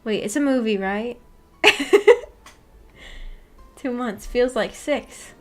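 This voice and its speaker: A woman's voice: on the high side, slow, a little mellow. A woman streamer chatting casually with her live viewers, rambling and giggling as she reads chat aloud. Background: faint background music.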